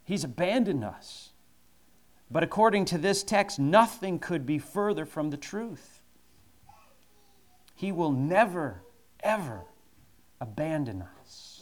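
A man preaching a sermon, slow and emphatic, repeating key phrases for force. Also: medium pitch.

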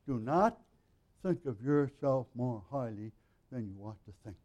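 A male pastor giving an earnest, conversational sermon, often clearing his throat. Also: mid-range voice, expressive, unhurried, mellow. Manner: frequent throat clearing, earnest and plain-spoken.

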